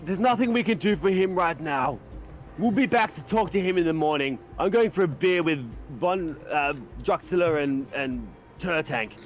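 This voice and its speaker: A man's voice: fairly high pitch, expressive, moderate pace, muffled recording. A man playing a tabletop game, arguing heatedly and swearing. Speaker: player. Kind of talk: tabletop role-play.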